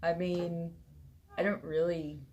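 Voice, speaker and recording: A woman who owns a shop, talking in a relaxed, hesitant way with many fillers as a guest on a radio show. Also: on the low side, slow pace. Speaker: vintage shop owner, guest. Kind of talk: casual radio interview. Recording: faint ambient noise.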